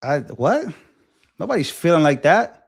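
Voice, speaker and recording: A man's voice: a little high, normal speed, creaky. Impassioned young man on a livestream. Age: 20s. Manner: animated, impassioned, repeats himself. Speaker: livestream host. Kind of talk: casual livestream talk answering chat.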